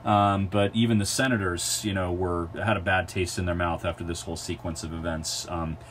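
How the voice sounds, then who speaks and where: Lecturer, male, lowish voice, meandering delivery with frequent fillers, recorded lecture with faint hiss. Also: flat delivery, brisk, fairly bright tone. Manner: unscripted, many ums and uhs, self-correcting. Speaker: history lecturer.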